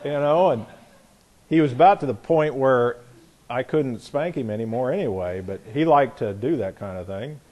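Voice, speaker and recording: A man's voice: medium pitch, animated, normal speed, darkish tone. A middle-aged man teaching an informal Bible class, earnest and conversational, often restarting his sentences.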